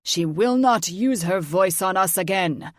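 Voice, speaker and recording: A gruff, domineering dragon king, voiced by a woman reading an audiobook. He speaks slowly and loudly with a rough edge, in a dry, close recording. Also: lowish voice, animated, no room sound. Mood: blustering. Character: blustering, hot-tempered male dragon king. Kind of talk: audiobook character voice.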